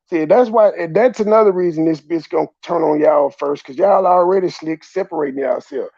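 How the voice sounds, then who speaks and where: A man's voice: a little high, moderate pace, gravelly, mellow, no echo, dull audio. A man hosting profane reaction commentary, blunt and mocking, mimicking people he talks about. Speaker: commentary channel host.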